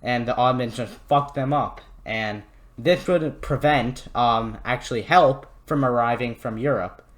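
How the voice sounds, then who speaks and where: A man's voice: medium pitch, unhurried. A man hosting a casual history video, joking and swearing as he rambles. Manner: irreverent, jokey, swears, rambles with fillers. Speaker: history channel host.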